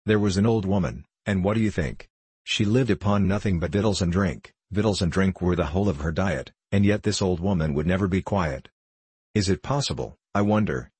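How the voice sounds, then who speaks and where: A man reading a classic novel aloud in a measured, formal, ironic manner. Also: low voice, husky, no room sound. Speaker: audiobook narrator. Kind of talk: scripted narration of a classic novel.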